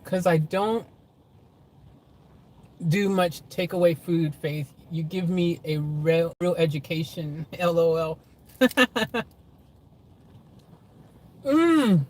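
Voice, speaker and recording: A man's voice: a little high, animated, extremely slow, pauses often, darkish tone. A man chatting casually to viewers on a phone livestream from inside his car, laughing often.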